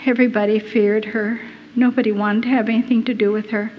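A woman giving a personal testimony, telling her story in an earnest, halting and deeply moved way. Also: little pitch movement, a little hiss or hum. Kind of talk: emotional first-person storytelling. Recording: dull lo-fi recording in a reverberant hall.

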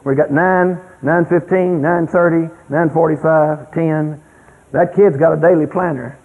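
A man telling a lively story about raising kids, acting out scenes and shouting the quoted lines. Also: on the high side, unhurried. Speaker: speaker on parenting. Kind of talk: folksy storytelling talk. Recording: phone-like lo-fi radio broadcast.

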